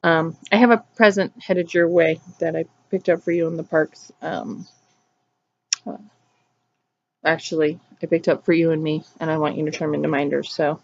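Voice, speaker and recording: A woman's voice: low-pitched, steady tone, normal speed, creaky, muffled recording. A woman hosting a casual cross-stitch vlog outdoors in her backyard, chatting loosely and wandering off topic. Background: birds singing.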